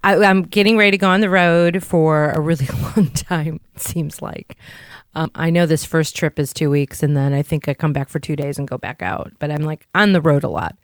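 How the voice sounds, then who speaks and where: A woman's voice: deep voice, moderate pace, dry recording, clean studio sound. A woman co-hosting a podcast, telling a long candid story in casual chat and swearing offhandedly. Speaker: podcast co-host.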